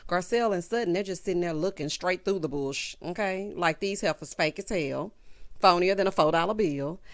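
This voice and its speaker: A woman's voice: on the low side, fairly quick. A woman recapping a reality show in sassy, sarcastic casual talk, calling listeners honey and child and mocking the cast in exaggerated voices.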